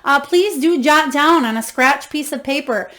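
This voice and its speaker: A woman with a high voice does a tarot reading for her viewers. She is effusive and encouraging, reads guidebook passages aloud, and bursts into emotional exclamations. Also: moderate pace, pushed and bright. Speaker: tarot reader.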